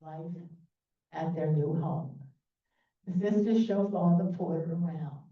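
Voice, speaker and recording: A woman from New Orleans presents a history talk, chatty and unpolished, with fillers and little asides, her voice a bit low. She sounds far from the mic in a very echoey meeting room, through a thin, phone-like line. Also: a little slow.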